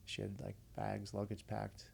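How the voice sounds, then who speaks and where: A man's voice: lowish voice, completely flat delivery, normal speed, gravelly, a little mellow, a little hiss or hum. A man who is a veteran and podcast guest, earnestly telling a story in a casual, conversational way. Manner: earnest, conversational, retells dialogue.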